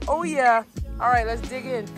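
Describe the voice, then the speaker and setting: High-voiced woman chatting over music. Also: moderate pace. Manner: cheering a dog on, playful and loud. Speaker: vlogger. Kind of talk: casual vlog chat.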